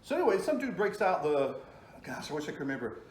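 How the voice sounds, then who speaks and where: Rambling, animated male storyteller. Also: fairly high pitch, quick pace, slight background noise. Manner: rambling, lots of fillers. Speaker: storyteller host. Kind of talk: casual storytelling. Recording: echoey room.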